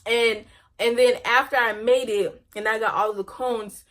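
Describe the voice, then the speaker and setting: Slow-talking young woman telling a story. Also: on the high side, steady tone, fairly bright tone. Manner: laughs often while telling a story; slow, drawn-out storytelling with a faith message. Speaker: vlogger. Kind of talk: casual storytelling.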